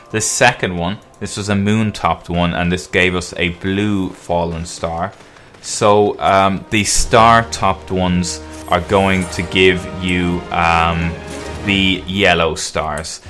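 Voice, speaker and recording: Man, game guide host, casual walkthrough talk, low voice, bright sharp tone. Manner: relaxed, explaining as he plays, with frequent um and uh. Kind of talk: casual gameplay walkthrough commentary.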